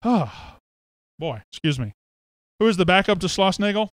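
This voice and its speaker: A man's voice: high-pitched, very animated, normal speed, no room sound. A man hosting a sports podcast, chatty and joking as he reads viewer comments aloud. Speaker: podcast host. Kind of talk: casual sports podcast chat.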